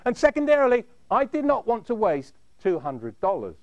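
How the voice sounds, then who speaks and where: A man recounts a dramatic first-person story in a high voice that swoops widely. His delivery is measured, and each phrase falls away low and quiet. The sound is close and dry, with no room echo. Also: huge pitch swings, dull audio.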